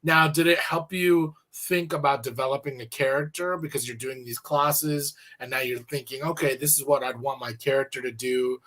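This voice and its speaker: A man's voice: medium pitch, steady tone, normal speed, hardly any pauses, fairly bright tone. A man hosting a talk radio show, asking long, rambling questions in a casual conversational way. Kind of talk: radio interview.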